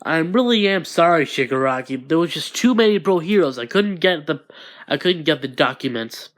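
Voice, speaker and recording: Man voicing a sorry male henchman, slightly raised pitch, pleading. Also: lively intonation, normal speed, natural voice. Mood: apologetic. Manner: pleading, apologetic. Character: apologetic male villain henchman.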